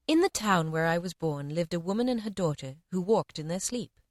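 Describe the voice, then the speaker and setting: A woman giving a measured, expressive reading of short parables in old-fashioned language. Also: fairly low pitch, dry recording, clean studio sound. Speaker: reader. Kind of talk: scripted narration of parables.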